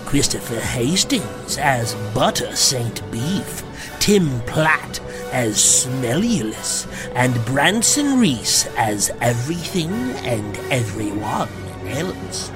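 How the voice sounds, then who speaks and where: A slow, measured credits read, delivered with a lively rise and fall. Music plays clearly behind the voice. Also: medium pitch. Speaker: credits announcer.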